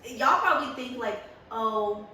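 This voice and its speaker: A woman's voice: a little high, unhurried, bright, forceful tone, a little hiss or hum. A young woman co-hosting a podcast, chatting casually in a blunt, profane way and laughing often. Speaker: podcast co-host. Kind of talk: casual chat. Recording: echoey room, mic far off.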